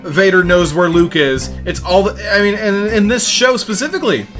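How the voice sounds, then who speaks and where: Bright-voiced young man ranting sarcastically. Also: high-pitched, moderate pace. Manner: sarcastic, exasperated, mock-dramatic grieving bit. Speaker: YouTube reviewer. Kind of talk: ranting review monologue. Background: faint music.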